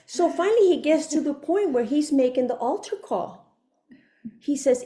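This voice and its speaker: As a guest, a woman shares her faith testimony with feeling, acting out her inner voices and laughing often. Her voice sits high with lively intonation and a dark tone, at a normal speed, in emotional storytelling.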